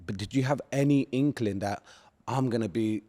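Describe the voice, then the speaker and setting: A man's voice: mid-range voice, normal speed, warm tone, long reverb tail. A male podcast host who asks long, rambling questions and encourages his guest with short affirmations. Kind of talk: conversational interview.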